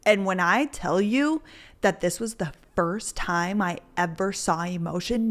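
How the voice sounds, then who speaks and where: A young woman talks into her podcast mic in a loose, candid storytelling voice, dropping swear words as she goes. Her pitch sits in an ordinary middle range for a woman. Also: a little slow. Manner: candid, chatty, swears freely. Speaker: podcast host. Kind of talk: casual storytelling.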